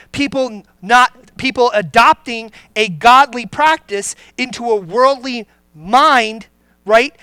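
Slow, bright-voiced joking pastor. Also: clean tone, dry recording. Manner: conversational, joking, then drops low and grave; asks the congregation questions. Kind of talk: sermon.

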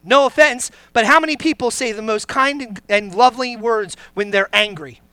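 A pastor preaching a sermon in a conversational, joking way, putting questions to the congregation and dropping low and grave for serious points. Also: normal speed, pushed and bright, smooth, no room sound.

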